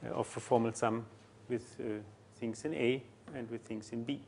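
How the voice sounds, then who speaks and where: A man's voice: medium pitch, steady tone, vocal fry, darkish tone. Guy lecturing on math at the board, stops and restarts a lot, a bit of hiss behind him. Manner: halting, many fillers and restarts while writing.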